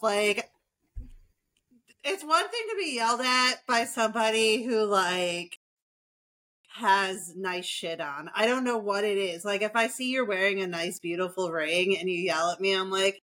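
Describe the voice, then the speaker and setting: A woman in her thirties from the Chicago suburbs, co-hosting a podcast and telling profane, animated stories in casual chat. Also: medium pitch, unhurried. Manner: profane, animated storytelling with many "like"s. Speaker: podcast co-host.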